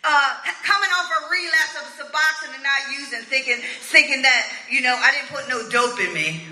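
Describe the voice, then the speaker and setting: A woman's voice: high voice, moderate pace, pushed and bright. A middle-aged woman telling her story at a recovery meeting, blunt, profane and often laughing. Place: meeting room with an audience. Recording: roomy echo of a meeting room.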